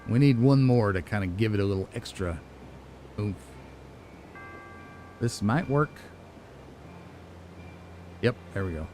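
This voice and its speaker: A man giving relaxed, musing commentary as he plays a video game, chuckling at himself now and then. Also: on the low side, a little slow, long pauses, faint music behind. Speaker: let's play gamer. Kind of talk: casual gameplay commentary.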